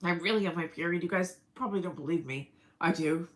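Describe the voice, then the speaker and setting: A woman's voice: fairly low pitch, fast talker, low-quality recording. A middle-aged woman rambling through a casual personal vlog, emotional and breaking into laughs. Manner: rambling, emotional, laughs often mid-sentence. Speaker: vlogger.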